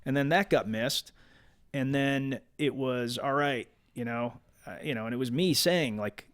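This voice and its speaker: A man's voice: mid-range voice, unhurried, clear, resonant tone. A man appearing as a guest entrepreneur on a casual podcast, giving an earnest, detailed account of business troubles. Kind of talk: casual chat.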